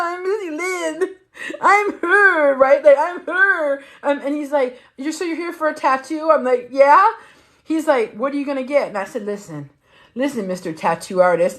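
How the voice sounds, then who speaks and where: A woman in her fifties tells a story on a livestream in a casual, profane way. She acts out each exchange with quick shifts into quoted voices. Her voice sits at a middle pitch. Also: fairly bright tone. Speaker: lifestyle vlogger.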